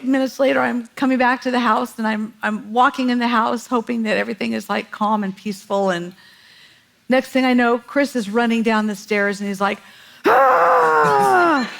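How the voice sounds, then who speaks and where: A middle-aged woman tells a story from a church stage, her voice animated and often breaking into laughter. Her voice sits fairly high. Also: gravelly. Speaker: pastor's wife sharing a story. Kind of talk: sermon storytelling.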